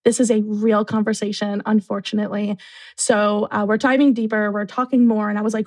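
A woman who works in university residence life, telling a story casually and acting out what people said in lively voices. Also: mid-range voice, a little fast. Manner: animated, acts out quotes.

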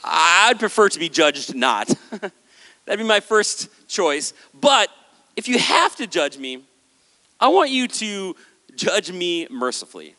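A man preaching a sermon on stage with a handheld microphone, animated and acting out the voices of listeners and Jesus. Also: sits high, slow. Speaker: pastor. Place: large hall with a stage. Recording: hall with long reverb.

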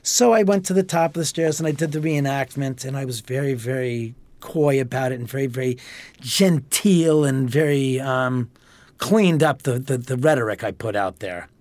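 A man telling a story as a podcast guest, animated and profane, acting out the dialogue. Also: medium pitch, moderate pace, dry recording. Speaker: homeowner guest.

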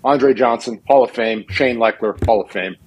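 A man who is a retired football player, a guest on a talk show, telling stories in an animated, self-mocking way. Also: mid-range voice, moderate pace, husky, rough recording. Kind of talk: casual chat on a talk show.

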